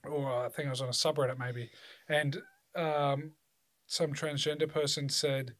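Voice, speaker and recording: A man in casual podcast talk, his voice sitting a little high for a man. He rambles and swears freely, dropping into small put-on voices to act out what people say. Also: flat delivery, measured pace, a bit bright. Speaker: podcast co-host. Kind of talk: casual chat.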